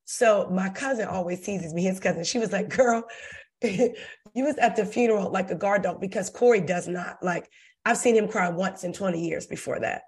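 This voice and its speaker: A woman's voice: medium pitch, darkish tone, breathy edge. A middle-aged woman in casual conversation on a podcast, telling reflective stories in a chatty way. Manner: chatty, quick bursts of reflective storytelling. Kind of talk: casual chat.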